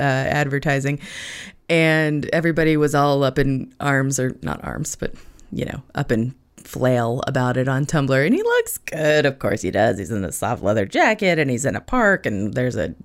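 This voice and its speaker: A woman hosting a podcast in casual solo chat, hoarse from being sick, chatty and self-mocking with casual swearing. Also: sits low. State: hoarse from illness. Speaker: podcast host.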